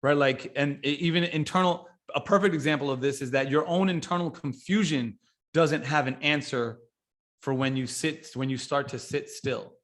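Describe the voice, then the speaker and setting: A man talking casually as a podcast guest, blunt and swearing freely, rambling with restarts and building into lively everyday examples. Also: fairly high pitch, moderate pace. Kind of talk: casual conversation.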